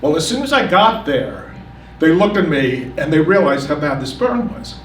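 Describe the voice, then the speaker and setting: A man telling a comic personal story on stage and acting out the quotes with lively energy. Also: on the high side, normal speed, slight background noise. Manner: animated, comic, acts out the quotes. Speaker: storyteller at a community story event. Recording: echoey room, picked up from a distance.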